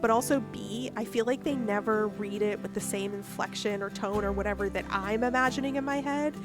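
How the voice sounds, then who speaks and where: A woman's voice: medium pitch, fairly quick, over music. A woman hosting a live stream, talking frankly and laying out her points one by one. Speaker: streamer host. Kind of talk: casual chat on a live stream.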